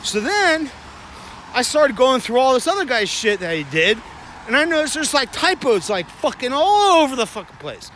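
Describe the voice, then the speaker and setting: A man's voice: extremely high pitch, very animated, normal speed, a bit bright, slight background noise. A man streaming in a heated, rambling, profane rant about his day. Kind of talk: ranting casual storytelling.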